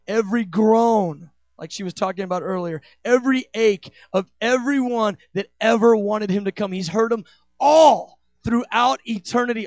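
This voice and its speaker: High-voiced impassioned male preacher. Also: no room sound. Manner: impassioned, acts out quoted dialogue with big swings in pitch and loudness. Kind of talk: sermon.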